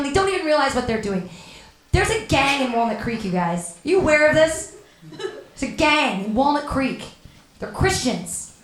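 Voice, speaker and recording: Stand-up comic, female, high voice, roomy club sound, deadpan delivery with loud bursts. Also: noisy background. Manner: deadpan, with sudden loud outbursts. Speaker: stand-up comedian. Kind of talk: stand-up comedy set.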